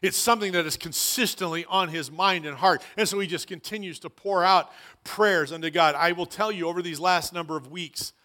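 A man's voice: sits high, a little fast, pushed and bright. A man preaching a sermon as pastor, earnest and emphatic, often repeating phrases for weight.

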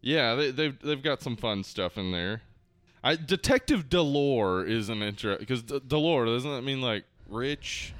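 A man co-hosting a casual movie review chat, enthusiastic and quick to laugh. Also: mid-range voice, no room sound, clean studio sound. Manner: animated, enthusiastic, laughs often. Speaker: podcast co-host.

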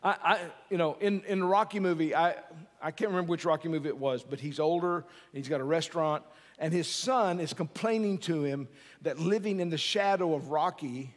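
A middle-aged man preaching a sermon in a conversational, joking way, often asking the audience questions. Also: a little high. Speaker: pastor. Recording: long hall reverb.

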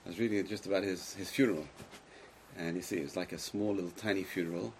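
A man giving a Torah lecture to a live class, speaking emphatically, swinging between loud exclamations and quiet asides, and putting questions to his listeners. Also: deep voice, fairly even intonation, fast, slight background noise, low-quality recording. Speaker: Torah teacher.

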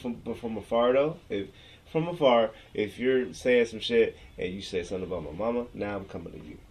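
A man co-hosting a podcast in casual chat, swearing a lot and acting out stories in a loud, raised voice. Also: lively intonation, fairly quick. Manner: profane, boisterous storytelling; acts out quotes in a loud high voice. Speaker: podcast co-host.

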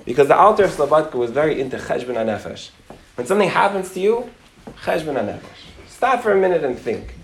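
A man's voice: on the high side, sing-song, fast talker, reverberant, a little hiss or hum. A middle-aged man, a rabbi, telling a dramatic story and acting out its characters, dropping Yiddish and Hebrew words. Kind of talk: animated storytelling talk.

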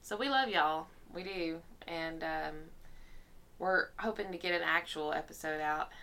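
A woman's voice: low-pitched, a little slow, sharp tone. A Southern woman co-hosting a podcast, rambling and laughing often while she has a cold. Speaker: podcast co-host. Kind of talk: casual chat.

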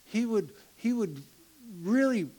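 A middle-aged man shares a personal testimony at church. His voice sits a little high, and he speaks slowly and haltingly. He often drops to a hush. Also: very animated. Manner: slow, halting storytelling with laughs and hushed asides. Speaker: church member sharing a testimony.

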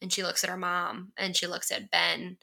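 A woman's voice: lowish voice, flat delivery, normal speed, vocal fry, bright, forceful tone, rough recording. A young adult woman co-hosting a casual movie-recap chat, talking in a chatty way with lots of "like" fillers. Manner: chatty, lots of "like" fillers, acts out quoted lines.

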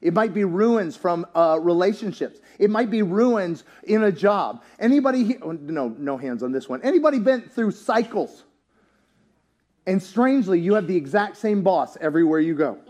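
A man preaching a sermon in a church, animated and joking, rising to shouts at his peaks. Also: high-pitched, normal speed. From US, town near country. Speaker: pastor.

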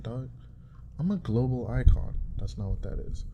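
A man's voice: mid-range voice, animated, moderate pace, dark tone, slight background noise. A young man chatting casually on his own while browsing, rambling with profane, joking asides. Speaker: streamer. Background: keyboard typing and clicks.

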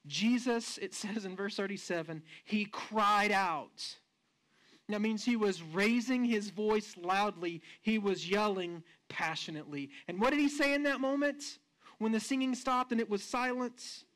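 Animated male pastor preaching a sermon. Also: high voice. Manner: animated storytelling with rhetorical questions to the congregation; slows down and speeds up for emphasis.

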